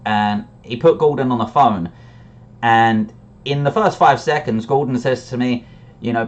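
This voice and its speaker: A man's voice: mid-range voice, measured pace, highs cut off. A man telling a personal story in a reflective, candid way, often restarting his sentences. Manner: reflective and candid, with frequent restarts and brief laughs.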